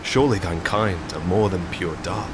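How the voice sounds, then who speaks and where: An actor playing a solemn male knight in a dark fantasy game, speaking in grave, formal old-fashioned words. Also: deep voice, normal speed. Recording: game audio with clear background noise.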